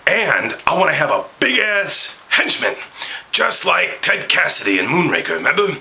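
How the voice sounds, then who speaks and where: A brash, crude, flirty aging male film star , as a man puts him on, with a gravelly voice that swings wildly up and down. He lurches from hushed whispers to barked shouts. The tone is strikingly bright and sharp. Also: a little high, huge pitch swings, normal speed, heavily acted, low-quality recording. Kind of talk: comedic celebrity impression.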